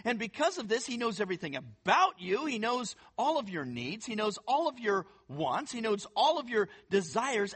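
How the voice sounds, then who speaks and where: A pastor preaching an earnest, emphatic sermon, often repeating words for emphasis and building to loud stressed phrases. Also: mid-range voice, big pitch swings, normal speed, few pauses, slightly rough.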